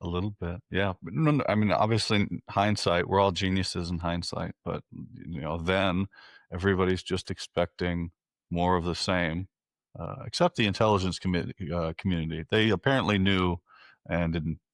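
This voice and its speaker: A man hosting an interview podcast, speaking in a relaxed, reflective way. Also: low-pitched, moderate pace, no echo, clean studio sound. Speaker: podcast host.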